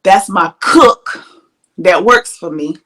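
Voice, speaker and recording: A woman doing a grumbling, dismissive man who shrugs off every question with a mumble. The voice sits a bit lower than hers and stays casual. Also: lively intonation, slow pace, a bit bright. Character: man, annoyed dismissive dinner date.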